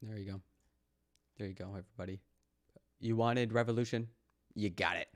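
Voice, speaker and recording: A man's voice: fairly low pitch, steady tone, moderate pace. Sarcastic male streamer mocking the news. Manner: sarcastic and mocking, talks back to a chat; reads posts aloud, then mocks them. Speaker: live streamer reacting to news posts. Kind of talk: casual live-stream commentary.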